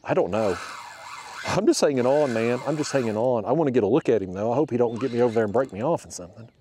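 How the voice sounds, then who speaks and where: A man, chatting to his viewers in a folksy, excitable way while fishing from a small boat. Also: medium pitch, fast talker, a little hiss or hum. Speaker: fishing vlogger. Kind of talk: casual narration while fishing.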